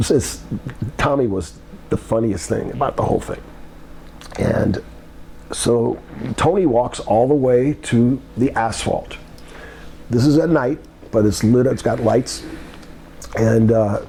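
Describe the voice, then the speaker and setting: Older man, gravelly, warm dark tone, halting storyteller, lots of ums, interview guest. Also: slight background noise. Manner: halting, many ums and restarts, climbs higher when excited. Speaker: guest telling old wrestling stories. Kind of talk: rambling anecdotal storytelling.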